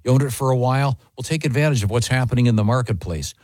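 A man's voice: medium pitch, dry recording, studio quality. A man hosting a morning radio show, chatting and reading a live ad with many fillers. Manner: relaxed, halting with fillers.

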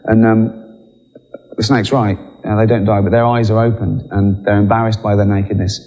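A man's voice: fairly low pitch, flat delivery, normal speed, dark tone, muffled recording. A man doing stand-up comedy, with wry, chuckling asides. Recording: reverberant live venue with noise.

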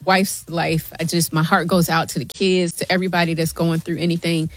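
A woman's voice: fairly low pitch, little pitch movement, brisk, no echo, faint music behind. A middle-aged woman speaking earnestly as a guest on a radio show, pleading with listeners and calling them y'all. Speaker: guest, mental health advocate. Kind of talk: emotional radio interview. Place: radio studio. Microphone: studio mic.

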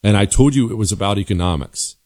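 A man's voice: on the low side, fast, a little mellow. A man hosting a political commentary show, delivering an emphatic, combative monologue with sarcastic asides. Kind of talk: opinionated monologue.

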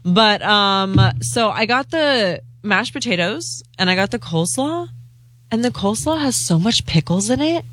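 A woman's voice: mid-range voice, animated, normal speed, a bit bright, no room sound. Giggly young woman co-host. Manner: giggly, playful, self-mocking. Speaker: radio show co-host. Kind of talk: casual late-night chat.

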